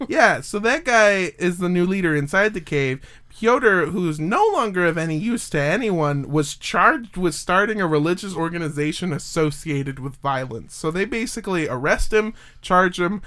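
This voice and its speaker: A man's voice: sits high, lively intonation, normal speed, fairly bright tone. A man casually telling a story to friends on a podcast, loose and profane, with frequent asides. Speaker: podcast host telling a true-crime story. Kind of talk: casual chat.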